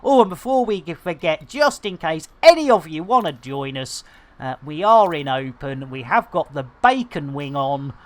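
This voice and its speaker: A woman's voice: deep voice, big pitch swings, normal speed, darkish tone. A woman doing jokey, rambling commentary on a game livestream, full of catchphrases. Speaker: game streamer.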